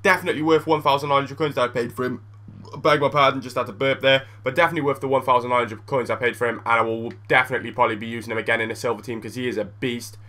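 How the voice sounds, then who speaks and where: A young man giving casual gameplay commentary as a gaming YouTuber, blunt and excitable, swearing freely. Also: mid-range voice, racing.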